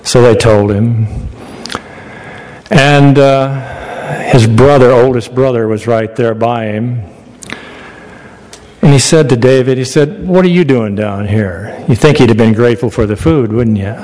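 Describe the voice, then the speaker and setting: Slow folksy preacher in an echoing hall. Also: male voice, medium pitch, a little mellow. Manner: folksy, conversational, asks the listeners questions. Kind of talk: sermon, retelling a Bible story.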